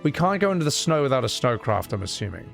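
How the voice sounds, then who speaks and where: Male streamer: chatty, lively voice, loose and profane; soft game music under him. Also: medium pitch, fast, gravelly. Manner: animated, rambling, swears freely. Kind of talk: casual gameplay commentary.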